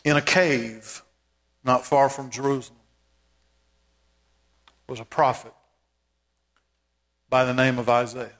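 A man preaching a sermon as pastor, emphatic, with repeated calls and rising shouts. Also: medium pitch, fairly even intonation, slow, pauses often, big-room sound.

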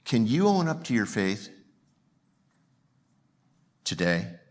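Man, pastor, sermon, casual self-deprecating humor, lively pitch swings. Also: slow pace. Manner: jokey, self-deprecating, conversational.

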